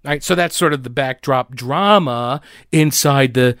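A man's voice: mid-range voice, normal speed, a bit bright, no room sound, clean studio sound. A male radio talk show host from North Carolina, chatty and sarcastic, full of fillers and restarts. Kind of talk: casual political commentary.

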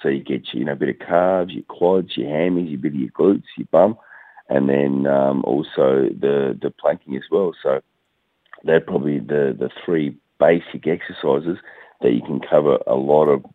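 A man's voice: very deep voice, normal speed, no echo. A laid-back man with an Australian accent chatting about fitness over the phone. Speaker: fitness guest. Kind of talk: casual phone chat. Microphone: phone line. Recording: tinny phone line.

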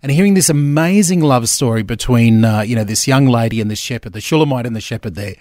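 A man's voice: medium pitch, quick pace, a little mellow, no room sound, studio quality. A male radio breakfast host, chatting casually and enthusiastically, with many fillers.

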